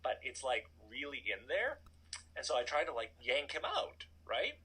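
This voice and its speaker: A man in his thirties telling a personal story in a casual, animated way, full of "like" and asides. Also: mid-range voice, normal speed, husky, poor audio. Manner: animated, chatty, filler-heavy "like". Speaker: storytelling guest.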